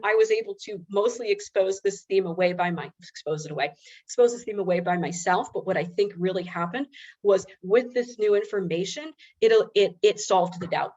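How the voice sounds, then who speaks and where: A woman presenting in a webinar, telling a personal story in a candid, self-mocking, conversational way. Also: medium pitch. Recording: slightly dull lo-fi webinar audio.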